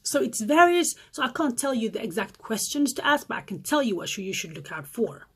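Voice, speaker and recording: A middle-aged woman vlogging casually to camera, telling animated stories and acting out her friends' lines. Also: brisk, slightly rough. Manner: animated storytelling, acts out friends' lines in a higher voice.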